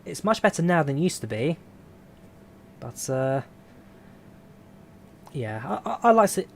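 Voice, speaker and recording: Relaxed man chatting on a stream. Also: fairly high pitch, unhurried, gravelly. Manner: relaxed, rambling, answers viewer questions. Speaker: flight sim streamer. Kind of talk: casual live-stream chat.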